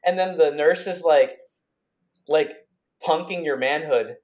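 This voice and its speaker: A man co-hosting a podcast, recounting events in a casual, rambling way with many restarts and quick bursts. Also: fairly high pitch, a little mellow. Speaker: podcast co-host. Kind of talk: casual conversational storytelling.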